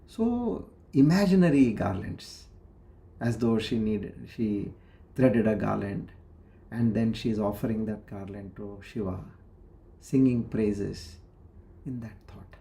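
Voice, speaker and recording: A man's voice: fairly low pitch, expressive, slow, creaky, dark tone. A man gives a devotional discourse, telling a story with fillers and restarts. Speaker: spiritual teacher.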